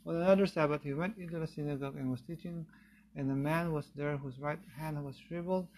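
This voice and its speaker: Man, scripture reading, gravelly voice, slightly high pitch, husky, steady pace, occasional restarts. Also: fast, slight background noise, low-quality recording. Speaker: Bible reader.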